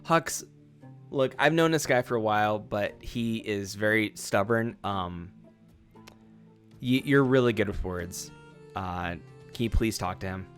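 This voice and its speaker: A man's voice: lowish voice, a little slow, long pauses, fairly bright tone, faint music behind. A man voicing a nervous young vampire hunter in a tabletop game, talking in a rambling, hesitant way. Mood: pleading. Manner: rambling, full of "like" and restarts. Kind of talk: tabletop game role-play.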